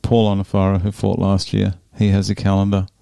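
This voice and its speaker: Male host, low voice, dry close mic, blunt and sweary, wanders off topic. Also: completely flat delivery, brisk, gravelly, mellow, clear, resonant tone, no room sound. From Australia. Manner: blunt, swears often, easily sidetracked. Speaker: podcast host. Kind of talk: casual interview chat.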